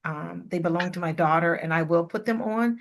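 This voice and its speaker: A woman's voice: lowish voice, fairly quick. A middle-aged woman hosting a radio interview show, chatting playfully and laughing often. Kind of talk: casual interview chat.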